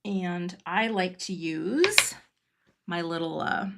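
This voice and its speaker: A woman's voice: on the low side, lively intonation, takes it slowly, vocal fry, very noisy. A middle-aged woman hosting a casual card-making livestream from her home craft studio, thinking aloud as she works and answering viewer comments.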